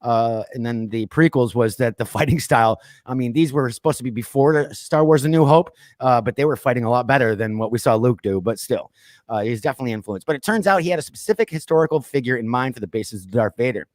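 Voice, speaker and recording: A man's voice: mid-range voice, fast, dry recording, studio quality. A man hosting a casual pop culture podcast, chatting loosely and reading off lists with plenty of fillers. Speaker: podcast host. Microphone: streamed call mic.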